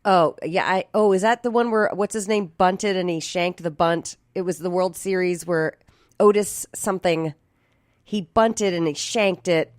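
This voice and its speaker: A woman in her forties chatting casually as a podcast guest, animated and quick to laugh. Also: lowish voice, dry recording, clean studio sound. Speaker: guest, voice actor and comic.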